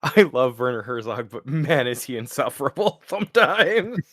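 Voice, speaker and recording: A man co-hosts a comedy podcast in a loose, rambling manner that is full of laughter. His voice sits at an ordinary male pitch. The recording is close and dry. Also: moderate pace, no room sound. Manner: animated rambling storyteller, laughs a lot. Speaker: podcast co-host. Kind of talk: casual comedy chat.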